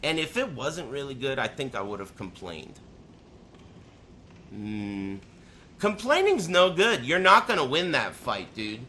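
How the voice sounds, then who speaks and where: A man telling a story in a casual, profane rant, swinging between loud outbursts and low mutters. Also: big pitch swings, unhurried, slight background noise. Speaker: storyteller on a live stream.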